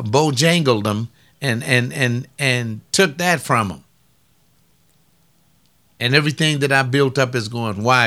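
Brief: male pastor on a webcast, blunt scolding sermon, bright forceful tone. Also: mid-range voice. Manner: blunt, combative preaching with rising outbursts.

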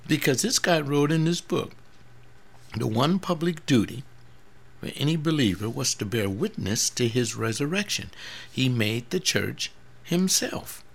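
A man's voice: mid-range voice, expressive, a little slow, gravelly. A man in his seventies, a pastor, talking earnestly in a rambling personal monologue, often repeating words. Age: 70s.

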